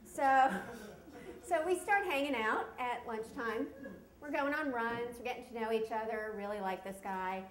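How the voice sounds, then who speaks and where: A woman's voice: a little high, unhurried, slight background noise. A woman performing a self-deprecating, humorous personal story at a live story slam on a stage microphone. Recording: roomy live venue.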